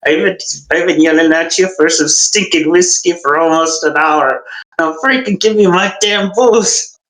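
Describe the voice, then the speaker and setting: A man voicing an impatient, rude male patron in a tabletop game, loudly demanding and complaining. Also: fairly high pitch, normal speed, echoey room, natural voice, poor audio.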